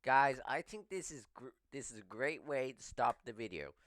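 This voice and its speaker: A man hosting a casual eating vlog, talking between bites in a slow, playful way and pushing viewers to subscribe. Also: medium pitch, animated, a bit bright, no room sound. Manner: talks while chewing, slow and playful, begs for subscribers. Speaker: mukbang vlogger.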